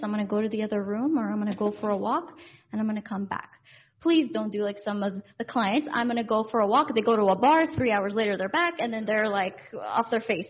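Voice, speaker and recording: A woman counselor leading a group session, calm and practical, talking through coping steps. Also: mid-range voice, highs cut off. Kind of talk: group discussion.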